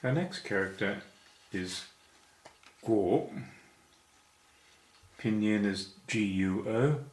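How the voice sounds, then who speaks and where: A man whose voice sits on the low side speaks a little slowly, counting each stroke aloud as he patiently teaches how to write Chinese characters step by step. Slight background noise and an echoey room are audible.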